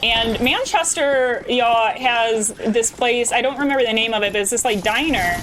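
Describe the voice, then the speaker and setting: A woman's voice: a little high, normal speed, background noise. A young woman streaming a game, chatting casually with her viewers and laughing often. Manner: bubbly, chatty, laughs often, talks to chat. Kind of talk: casual gameplay chat.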